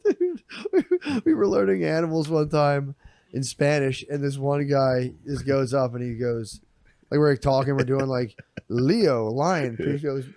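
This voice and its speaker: A man's voice: mid-range voice, animated, measured pace, a little mellow, no room sound, studio quality. A man co-hosting a comedy podcast in casual chat, joking, laughing often and acting out voices in his stories. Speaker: podcast co-host.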